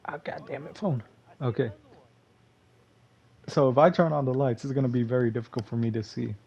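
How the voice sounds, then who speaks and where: Rambling young man from Texas, mellow. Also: medium pitch, a little fast, vocal fry. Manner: rambling and loose, with lots of fillers and cursing. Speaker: gamer commentating on his own gameplay. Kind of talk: casual gameplay commentary. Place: home gaming room.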